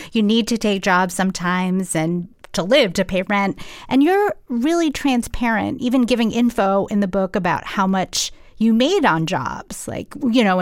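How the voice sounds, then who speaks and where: A woman's voice: mid-range voice, no room sound, clean studio sound. Woman interviewer, conversational questions. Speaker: interviewer, radio host.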